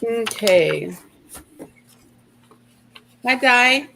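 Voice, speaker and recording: A woman's voice: fairly high pitch, expressive, drawn-out words, creaky, fairly bright tone, a little hiss or hum, rough recording. A woman hosting a casual livestream, talking in an easygoing, chatty way. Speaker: host.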